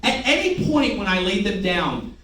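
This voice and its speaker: A high-pitched man runs a sales training, his voice jumping around with animation as he commands the room to repeat after him. He is heard from a distance in a very echoey space, with faint ambience behind him. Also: very animated, moderate pace, sharp tone. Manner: commanding, drills the audience with call and response. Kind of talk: live sales training session.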